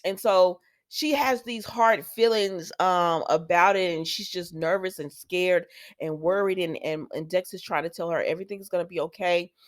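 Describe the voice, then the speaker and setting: Chatty woman with a low voice. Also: moderate pace, no echo, clean studio sound. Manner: chatty, digressive, talks back to the characters. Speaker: soap opera recap vlogger. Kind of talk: casual spoken recap.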